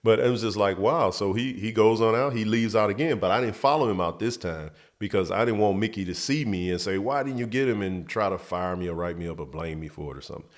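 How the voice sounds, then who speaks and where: Lively low-voiced man telling a story. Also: quick pace, hardly any pauses. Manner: animated, jumps up high when quoting others. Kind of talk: casual storytelling.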